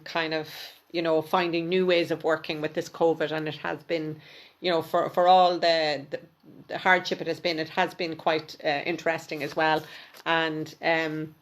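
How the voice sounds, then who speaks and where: A woman giving a live intuitive card reading, speaking to viewers by name, gently repeating words and trailing off into near-whispers. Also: lowish voice. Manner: chatty, addresses viewers by name.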